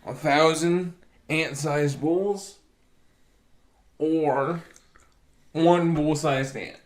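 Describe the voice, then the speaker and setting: A man's voice: a little high, fairly even intonation, extremely slow, reverberant. A man co-hosting a podcast, teasing and laid-back as he poses would-you-rather questions. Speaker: podcast co-host. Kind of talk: casual podcast banter.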